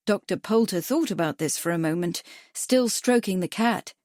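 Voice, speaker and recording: A woman's voice: on the low side, animated, moderate pace, hardly any pauses, a little mellow, no echo. Woman narrating a mystery, dry sound. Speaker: audiobook narrator. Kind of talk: scripted narration.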